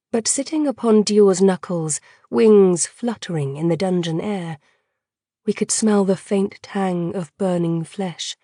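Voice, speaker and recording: A woman reading an audiobook as narrator, measured and hushed. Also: lowish voice, husky, dry recording, clean studio sound. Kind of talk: scripted dark fantasy narration.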